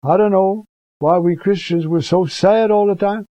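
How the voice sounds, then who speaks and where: A man imitating an exuberant Pentecostal preacher with a Southern accent, in a booming, folksy way. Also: fairly even intonation, normal speed, dark tone, dry recording, close to an everyday voice. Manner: booming, folksy, rising pitch. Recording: dull, dry sound.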